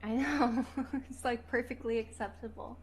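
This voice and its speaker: A woman's voice: on the high side, fairly even intonation, moderate pace, darkish tone, husky. A woman chatting casually as a stream guest, blunt and teasing.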